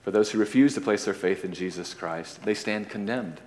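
A man preaching a sermon as pastor, impassioned, climbing to high emphatic peaks and dropping to low, quiet lines. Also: normal speed, long reverb tail, slight background noise.

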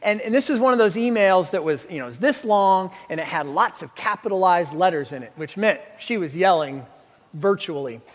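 High-voiced male preacher in a reverberant hall. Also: expressive, brisk. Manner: storytelling with humor and emphatic preaching. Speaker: pastor. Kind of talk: sermon.

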